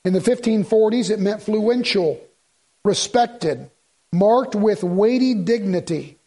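Gravelly, husky high-voiced man preaching. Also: slow pace, mellow. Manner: folksy, rambling, joking asides to the congregation. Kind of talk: sermon. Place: church in front of a congregation.

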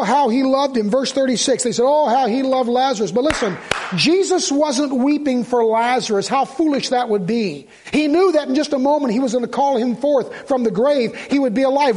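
High-voiced older male preacher. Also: darkish tone. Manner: fervent, repeats phrases for emphasis. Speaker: pastor. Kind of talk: funeral sermon with scripture reading.

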